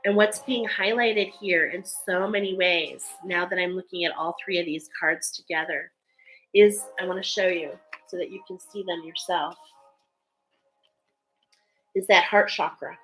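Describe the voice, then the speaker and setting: A woman's voice: fairly low pitch, fairly even intonation, a little slow, a bit bright, soft background music, poor audio. A woman giving a spiritual card reading in an earnest, emotional way, reading card texts aloud between loose, filler-filled remarks. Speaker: tarot card reader.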